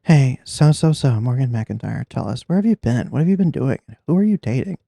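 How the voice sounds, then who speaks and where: A man's voice: medium pitch, animated, fairly quick, vocal fry, warm tone, no echo, clean studio sound. A man voicing a smarmy male TV talk show host in a story game, using showy announcer patter.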